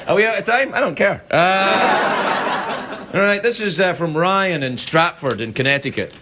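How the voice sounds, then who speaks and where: A man's voice: sits high, slow, long pauses. A male late-night talk show host reading viewer mail in a rambling, teasing comic monologue, in a television studio. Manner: rambling, teasing, self-interrupting. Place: television studio with live audience. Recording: loud studio audience laughter, noise.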